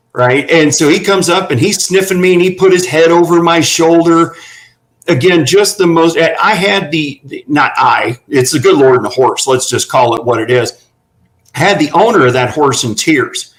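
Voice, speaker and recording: A man's voice: fairly high pitch, fairly bright tone, poor audio. A middle-aged man telling earnest, folksy stories about working with horses as a guest on a talk panel. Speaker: guest running horse therapy for veterans.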